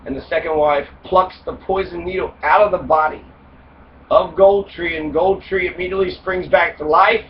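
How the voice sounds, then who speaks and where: Man, comedic storyteller, foul-mouthed, rambling, a bit higher voice, muffled distant recording. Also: steady tone, normal speed. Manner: profane, wisecracking, rambling with fillers. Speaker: podcast host retelling fairy tales. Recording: distant mic, dull lo-fi sound, faint noise.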